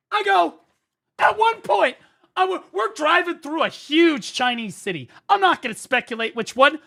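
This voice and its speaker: An American man streaming a game, telling stories in an animated, swearing comedic rant. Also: very high-pitched. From United States.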